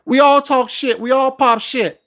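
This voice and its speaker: A man's voice: very high voice, fairly even intonation, unhurried, a bit bright. Male vlogger, angry confrontational rant, heavy swearing, recorded at home. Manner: heated, profane, confrontational. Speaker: vlogger host. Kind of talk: ranting vlog commentary.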